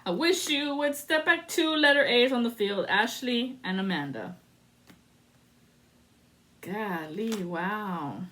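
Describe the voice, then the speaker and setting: High, bright-voiced sassy woman reader. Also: animated, unhurried, few pauses. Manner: dramatic and sassy, swearing and breaking into sung lines. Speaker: tarot reader. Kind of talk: solo spiritual card reading to camera.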